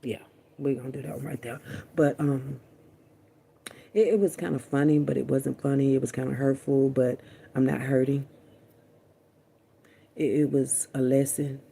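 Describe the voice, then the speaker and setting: Woman vlogger, husky and breathy, casual storyteller who talks straight to camera, blunt and salty, repeats for emphasis. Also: extremely low pitch, fairly even intonation, normal speed, pauses often, warm tone. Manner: blunt, profane, chatty, repeats herself. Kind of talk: candid casual storytelling to viewers.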